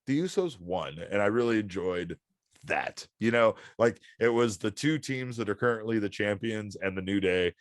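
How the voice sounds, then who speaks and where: A man co-hosting a wrestling podcast in casual chat, excitable, swearing freely and laughing often. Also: lowish voice, normal speed, no echo, clean studio sound. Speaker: podcast co-host.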